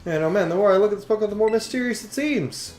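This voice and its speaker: A man giving jokey, excitable commentary while playing a video game, now and then swearing. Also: sits high, very fast. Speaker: let's play host. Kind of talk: casual gameplay commentary. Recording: roomy echo, faint game music. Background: faint game music.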